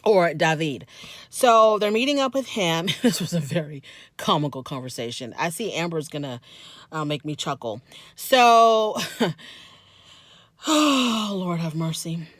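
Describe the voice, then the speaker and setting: A woman's voice: fairly low pitch, animated, unhurried, no room sound, studio quality. Chatty, opinionated woman recapping reality TV. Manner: chatty, opinionated, talks straight to viewers. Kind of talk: casual commentary.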